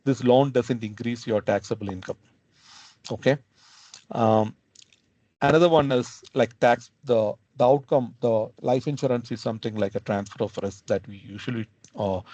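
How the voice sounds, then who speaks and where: Guy running a money webinar, slow halting explainer, keeps saying okay?, muffled lo-fi sound. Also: medium pitch, warm tone, no room sound. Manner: halting, adds "okay?" after points. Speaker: financial planning webinar presenter. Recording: dull lo-fi webinar audio.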